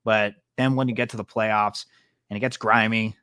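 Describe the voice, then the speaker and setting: A man's voice: fairly low pitch, flat delivery, moderate pace, pushed and bright, smooth, no echo. Chill guy co-hosting a sports podcast, pokes fun at himself, dry close mic. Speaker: podcast co-host. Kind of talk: casual sports chat.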